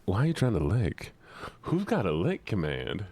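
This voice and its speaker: A man's voice: fairly low pitch, moderate pace, breathy edge. A male streamer doing live gameplay commentary, chatting with viewers and yelping when things go wrong. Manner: excitable, yelps when frustrated, chats with viewers.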